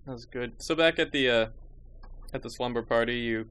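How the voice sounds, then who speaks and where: A man's voice: mid-range voice, normal speed, fairly bright tone, clear, resonant tone. A man hosting a podcast in casual chat, with wry, sarcastic remarks and laughing asides. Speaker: podcast host.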